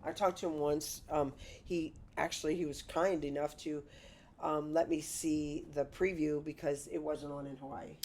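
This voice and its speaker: Brief: middle-aged woman, low-pitched, blunt and candid, casual guest chat. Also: fairly even intonation, normal speed, a little mellow. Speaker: podcast guest.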